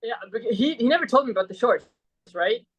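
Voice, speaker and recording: A man from Saudi Arabia, guesting on a podcast, tells a story in a casual chat, rambling with plenty of fillers and tag questions like "like" and "right?". His voice is extremely high and animated, fairly quick, fairly bright and slightly rough. The audio quality is poor.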